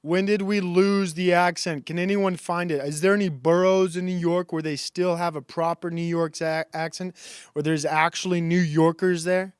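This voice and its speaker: A man rambles through a casual monologue on a stream, stopping and restarting his sentences. His voice is smooth and fairly high for a man. He is recorded close and dry, with no room sound. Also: steady tone, dry recording. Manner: rambling, halting, many fillers and restarts.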